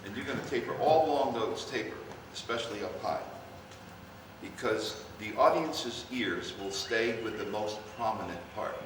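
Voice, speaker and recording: A man conducting a wind band rehearsal, giving brisk instructions and singing phrases aloud. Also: on the low side, expressive. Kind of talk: rehearsal coaching. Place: rehearsal hall. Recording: echoey hall, distant mic, band playing.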